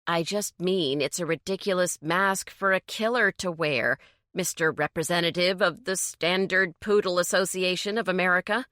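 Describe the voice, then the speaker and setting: A woman voicing Lindy, a sharp-tongued woman who talks bluntly and with sarcasm. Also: fairly low pitch, moderate pace, no echo, studio quality, close to an everyday voice. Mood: impatient.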